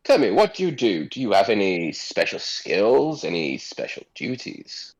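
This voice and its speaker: A smarmy nobleman, pompous and flirtatious, put on by a man. He talks in a flowery, overly courtly way. His pitch sits low but swings widely. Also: wildly swooping pitch, moderate pace, muffled recording.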